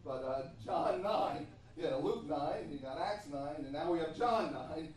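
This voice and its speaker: A pastor with a fairly high, lively voice preaches unhurriedly, repeating points emphatically and hesitating often. His voice is a little mellow, and the recording sounds distant in an echoey room.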